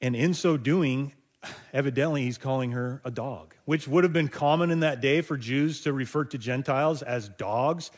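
A man's voice: medium pitch, normal speed. A male pastor preaching a conversational sermon, thinking aloud with rhetorical asides to his listeners.

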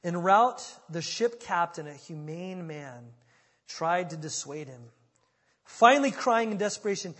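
A man preaching a sermon in a casual, conversational way, swinging from loud pleading to quiet, low asides. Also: expressive, a little slow. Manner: conversational, dramatic retelling with big swings in volume. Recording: reverberant hall.

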